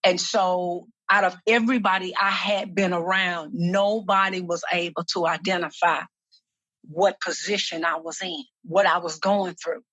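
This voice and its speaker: Earnest low-voiced woman giving testimony. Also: steady tone, fairly bright tone, no room sound. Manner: earnest, slow and reflective, repeats words as she speaks. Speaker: guest, minister and activist. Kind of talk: personal testimony in a podcast interview.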